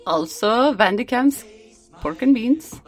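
High, lively teasing woman co-host. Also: slow pace, soft background music. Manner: playful, teasing, laughs easily. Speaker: podcast co-host. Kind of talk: casual comedic chat.

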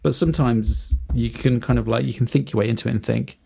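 A man co-hosting a comedy podcast, teasing his co-host in a dry, deadpan way. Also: medium pitch, quick pace, gravelly, few pauses, breathy edge. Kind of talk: casual comedic chat.

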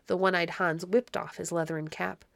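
A woman's voice: fairly low pitch, flat delivery, normal speed, creaky, a bit bright, no echo. Woman narrating a classic tale, dry sound. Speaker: audiobook narrator. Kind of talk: scripted narration of a classic children's novel.

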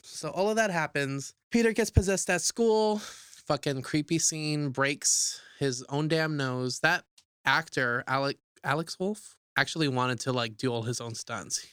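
Profane, animated young podcast co-host. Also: mid-range voice, smooth, no echo, studio quality. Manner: animated, profane, jokey storytelling; acts out characters in quick asides. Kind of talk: casual movie recap chat.

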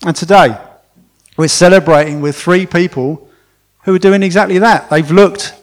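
A man preaches a sermon with a storyteller's energy, doubling up words when he drives a point home. His voice sits a touch higher than most men's. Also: moderate pace. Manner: storytelling, animated, repeats words when stressing them.

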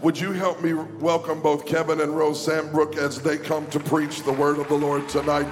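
A man's voice: a little high, flat delivery, moderate pace. A man, a pastor, formally introducing guest preachers from the pulpit. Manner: formal church announcement. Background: music.

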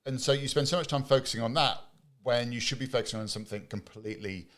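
A man's voice: medium pitch, fast talker, a bit bright. A man co-hosting a casual live show, reading out viewer questions and nodding along with short affirmations. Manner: agreeable, many short affirmations.

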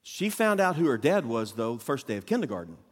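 A man preaching a sermon as a guest pastor, telling a story with acted-out quotes and sudden loud bursts. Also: medium pitch, sing-song, brisk, big-room sound. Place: church auditorium.

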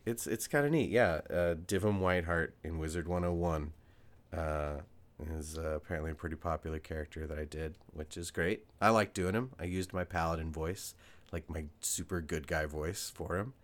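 A man's voice: deep voice, moderate pace. A man co-hosting a podcast, telling stories in a casual, self-deprecating way with lots of laughter and restarts. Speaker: podcast co-host. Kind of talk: casual chat.

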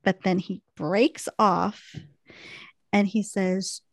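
A woman co-hosting a podcast, retelling a TV episode in a quick, animated way. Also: mid-range voice, vocal fry, dry recording. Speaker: podcast co-host recapping a TV episode. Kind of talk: casual recap storytelling.

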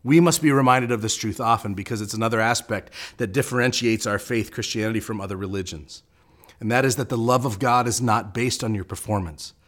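A man's voice: fairly low pitch, brisk, a bit bright. A man preaching a sermon as pastor, in an earnest way, often repeating a word as he starts a phrase.

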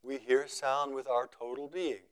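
A male meditation teacher offers a contemplative dharma talk, unhurried and steady-toned in a mid-range voice. He repeats phrases to stress them, and his voice often sinks nearly to silence at a thought's end.

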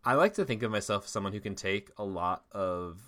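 A man's voice: lowish voice, animated, fairly quick, sharp tone. A man co-hosting a podcast, telling a long story in casual chat, full of fillers and laughs. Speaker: podcast co-host.

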